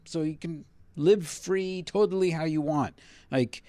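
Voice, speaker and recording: A male TV writer sits in as a podcast guest, thinking aloud in a reflective, measured way. His voice sits a little high, and the recording is dry and close. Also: warm tone, no room sound. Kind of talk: casual chat. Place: living room.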